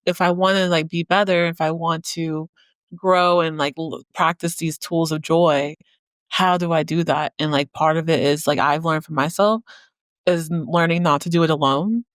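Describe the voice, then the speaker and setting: A woman's voice: low voice, steady tone, moderate pace, no room sound. A woman podcast host telling a personal story in a loose, chatty way. She strings thoughts together with frequent "like" and easy laughs. The sound is dry and close. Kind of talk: podcast conversation.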